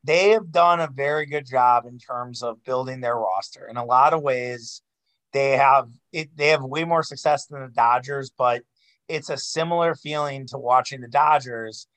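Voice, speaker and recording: A man with an ordinary mid-range voice, neither high nor low, co-hosting a podcast. He talks in loose, rambling casual chat, full of fillers and cheerful swearing. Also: moderate pace, a bit bright, low-quality recording. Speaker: podcast co-host.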